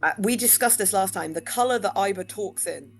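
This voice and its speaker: A woman's voice: mid-range voice, fairly quick, vocal fry. Woman chatting on a game stream, casual, faint music in the back. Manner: chatty, explaining. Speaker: streamer co-host. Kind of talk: casual let's-play chat.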